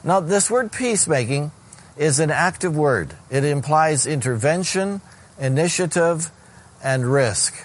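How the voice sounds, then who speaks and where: A male pastor delivering a sermon in an earnest, measured way, often pausing on fillers and repeating words. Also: fairly high pitch, expressive.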